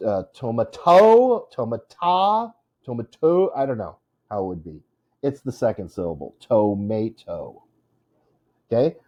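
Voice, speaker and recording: Animated, mellow-voiced male English teacher. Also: medium pitch. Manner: lively, joking, drawn-out stressed syllables. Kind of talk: classroom video lesson.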